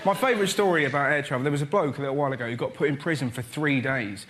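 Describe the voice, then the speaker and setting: A young man doing a cheeky, animated stand-up routine as a panelist, with sudden yelps in his telling. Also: mid-range voice, rapid-fire. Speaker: comedian panelist. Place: TV studio with live audience. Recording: loud studio audience laughter and noise.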